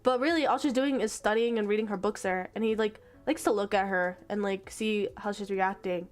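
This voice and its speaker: A woman's voice: medium pitch, fairly quick. A young woman streaming, casually retelling a story in a rambling way, full of 'like' and the odd swear.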